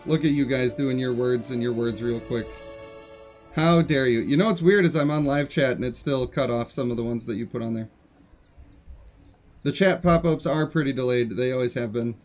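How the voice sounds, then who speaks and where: A man's voice: mid-range voice, moderate pace, a little mellow, soft background music. A man streaming a game live, chatting casually and joking with his viewers. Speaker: gaming streamer.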